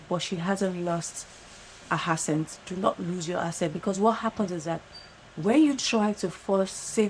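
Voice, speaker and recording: A woman with a Nigerian accent giving earnest, fast-talking advice straight to camera, often checking in with "right?". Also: fairly low pitch, a little hiss or hum, rough recording. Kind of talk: direct-to-camera monologue. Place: lives in London.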